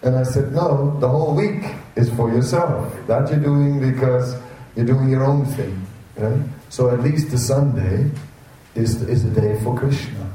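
A man's voice: mid-range voice, measured pace, dark tone, far from the mic. A man giving an informal temple sermon, chatty and anecdotal, chuckling at his own jokes. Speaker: temple preacher. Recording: roomy echo, speaker away from the mic.

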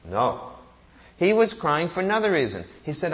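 A man's voice: a little high, sing-song, normal speed, a bit bright. A man giving a sermon, reciting Sanskrit verses and asking rhetorical questions that he answers himself. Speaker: preacher.

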